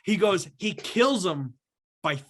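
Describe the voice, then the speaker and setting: Young male podcast co-host, casual storyteller who acts out the voices, bright and high-ish. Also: slow pace. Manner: animated storyteller acting out voices. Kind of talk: casual chat.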